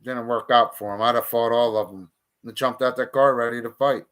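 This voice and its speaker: A man's voice: medium pitch, fairly even intonation, brisk, fairly bright tone. A man streaming a casual monologue, talking bluntly and profanely with heated outbursts.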